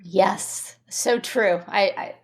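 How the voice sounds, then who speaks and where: A woman's voice: medium pitch, slow. A woman hosting a podcast, asking her guest questions and affirming her answers in easy conversation. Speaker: podcast host. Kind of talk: interview questions.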